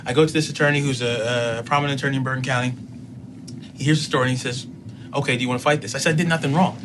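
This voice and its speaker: Middle-aged male storyteller, animated, plays both sides of each exchange, faint background noise. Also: mid-range voice, racing. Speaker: guest telling a personal story. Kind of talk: casual spoken storytelling.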